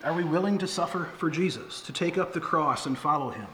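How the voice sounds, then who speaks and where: A man's voice: on the high side, a little fast, fairly bright tone, slight background noise. A middle-aged man, a pastor, preaching a sermon in a conversational way, with fillers and restarts. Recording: echoey hall with faint ambience.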